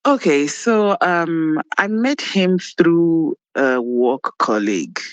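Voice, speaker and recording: A man talking as a podcast guest, who shares life lessons and tells a story in a reflective, unhurried way. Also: fairly high pitch, expressive, smooth, dry recording, muffled recording. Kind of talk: casual interview chat.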